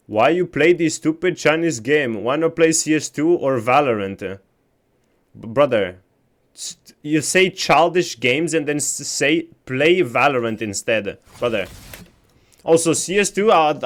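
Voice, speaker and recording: A male streamer talks in an unhurried, drawn-out way while he reacts to game updates and chat messages. He swears freely and gets loud when something surprises him, with a voice of ordinary pitch for a man. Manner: profane, reacts loudly to chat. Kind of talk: casual gaming stream chat.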